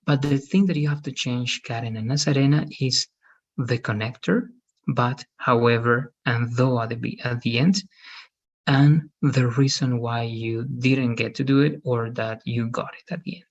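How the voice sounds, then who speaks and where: Guy teaching english over a video call, patient, step by step, kinda husky, muffled sound. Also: medium pitch, fairly even intonation, moderate pace. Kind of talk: online class instruction.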